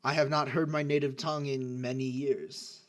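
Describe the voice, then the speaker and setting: A man's voice: medium pitch, level tone, normal speed, close to an everyday voice. A man voicing an old male giant who speaks in formal, grave warnings.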